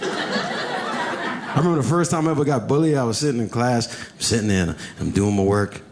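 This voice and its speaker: A man doing stand-up comedy in a club, telling animated stories and acting out characters in shrill voices. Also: fast talker.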